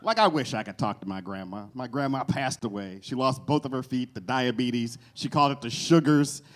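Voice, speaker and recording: A man doing a stand-up comedy set in a cafe, animated, jumping into loud character voices. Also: medium pitch, fairly quick. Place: cafe stage with live audience.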